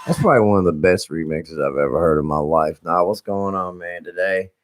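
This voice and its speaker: A man with a hoarse, scratchy, deep voice after losing it from yelling, ranting profanely in a casual vlog. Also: a little fast, dry recording, clean studio sound. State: hoarse, lost voice. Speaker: vlogger.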